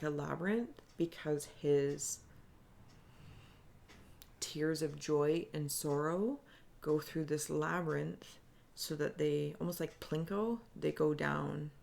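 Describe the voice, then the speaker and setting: A woman giving a spiritual reading, speaking softly and earnestly in halting, searching phrases that she often restarts. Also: sits low, vocal fry. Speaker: spiritual reader. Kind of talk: improvised intuitive reading to camera.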